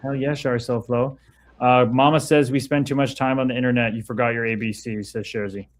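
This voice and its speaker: A man's voice: medium pitch, fairly even intonation, fairly quick. A man hosting a casual livestream, talking candidly and reading viewer comments aloud. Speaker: livestream host reading chat.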